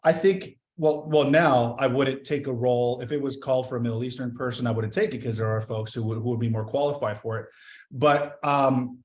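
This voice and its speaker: A man from Highland Park in Los Angeles, a producer and interview guest, telling stories in an easygoing way and mimicking people. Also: fairly even intonation, a little fast, echoey room. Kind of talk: interview conversation.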